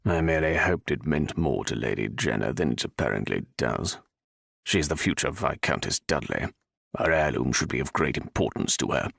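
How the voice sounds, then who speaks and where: A huffing, contemptuous aristocrat of advancing years, voiced low and gravelly. His voice is husky and dry, with no room around it, as a man acts him out. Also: lively intonation, normal speed, fairly bright tone, no echo, full character voice. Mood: coaxing. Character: scheming aristocratic older viscount, cold and disdainful.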